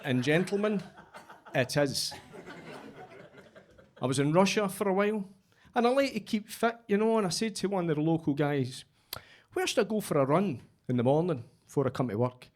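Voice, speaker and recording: A man's voice: on the high side, animated, normal speed, long pauses. A middle-aged Scottish man doing a stand-up set, telling stories dryly and landing punchy punchlines. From Scotland. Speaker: stand-up comedian.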